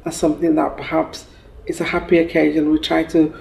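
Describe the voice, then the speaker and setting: A speaker from Africa, answering interview questions in a thoughtful, hesitant way and pausing on many fillers. The voice has a heavy gravelly fry and a dark, mellow tone. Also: mid-range voice, flat delivery, poor audio.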